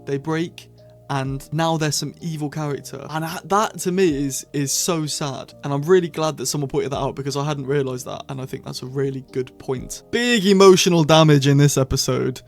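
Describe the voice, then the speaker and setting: A young man reviewing a TV series to camera in a chatty, rambling way with bursts of excitement. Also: medium pitch, fairly quick, vocal fry, faint music behind. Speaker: TV show reviewer. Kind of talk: casual scripted review to camera.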